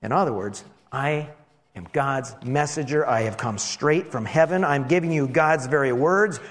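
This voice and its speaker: A preacher telling a dramatic first-person sermon as an elderly priest who talks with exclamations and wry asides about himself. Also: male voice, medium pitch, moderate pace, in a large hall, natural voice. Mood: rueful. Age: older. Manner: animated, exclaiming, self-deprecating asides. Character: elderly male priest, amazed and rueful.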